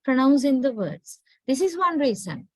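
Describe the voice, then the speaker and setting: Sri Lankan woman lecturing, higher voice. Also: big pitch swings, moderate pace, a little mellow, husky, dry recording, rough recording. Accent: Sri Lankan English. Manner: explanatory, keeps checking understanding with "right?". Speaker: university lecturer. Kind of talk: classroom lecture.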